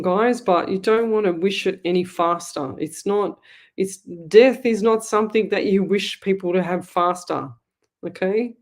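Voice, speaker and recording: A woman's voice: medium pitch, unhurried, darkish tone. Blunt Australian woman psychic host. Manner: blunt, motherly scolding, calls people lovey. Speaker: psychic medium radio host. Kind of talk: live call-in reading.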